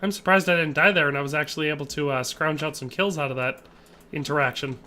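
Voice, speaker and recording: A game streamer talks with his viewers in a relaxed, rambling way and answers their chat messages as he plays. His voice sits a little high for a man and has a bright, forceful edge. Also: fast talker. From Wisconsin, USA. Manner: chatty, reads viewer chat aloud and answers it. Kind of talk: casual live-stream chat while gaming.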